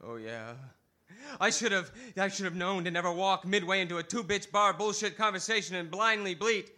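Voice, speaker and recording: A man with a high, very bright and cutting voice performs a slam poem on a live bar stage. He is theatrical, lurching from shouted bursts down to near whispers. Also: normal speed. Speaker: slam poet.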